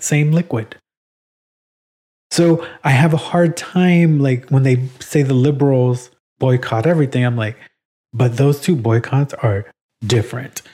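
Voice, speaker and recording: A man co-hosting a casual podcast, talking in an animated way, laughing often and swearing now and then. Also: on the high side. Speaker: podcast co-host.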